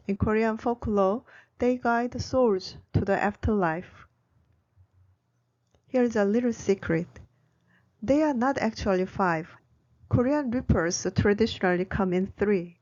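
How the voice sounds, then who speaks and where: A woman narrates a language-learning video in a scripted, explanatory way. Her voice sits at a middle pitch. The recording is a bit dull and lo-fi. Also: a little mellow. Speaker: Korean language educator.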